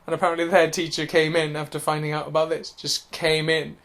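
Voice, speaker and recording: A fairly high-voiced man co-hosting a comedy podcast, riffing and telling stories in loose, joking chat. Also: monotone, quick pace, fairly bright tone. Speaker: podcast co-host.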